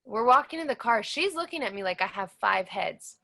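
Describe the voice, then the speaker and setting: A woman speaks with real conviction in an interview, telling her own story in a bright, forceful tone. Her voice carries a noticeable gravelly fry. She leans on repetition for emphasis as she recounts what happened. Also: on the high side, animated, a little fast. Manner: earnest, emphatic storytelling with repeated phrases. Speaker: cancer survivor guest. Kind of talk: personal testimony interview.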